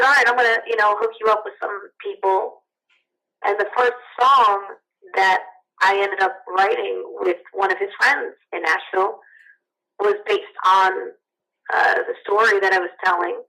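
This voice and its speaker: Young adult woman guest from New Jersey; bright, animated storyteller, phone-line sound. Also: medium pitch, creaky. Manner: chatty, animated, acts out quoted voices. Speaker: guest singer-songwriter. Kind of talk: casual interview storytelling.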